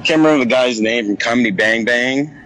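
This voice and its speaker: A man's voice: medium pitch, brisk, a bit bright, a little hiss or hum, rough recording. A man calling in from the road, talking in a laid-back, enthusiastic, rambling way. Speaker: caller, touring musician. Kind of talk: phone call-in chat. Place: on the road in a vehicle.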